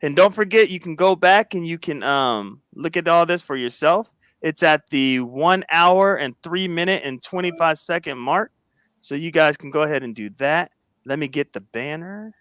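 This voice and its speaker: A man's voice: on the high side, normal speed, fairly bright tone, clear, resonant tone, no echo. A man hosting a reaction commentary, talking dramatically with lots of exclamations. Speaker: host.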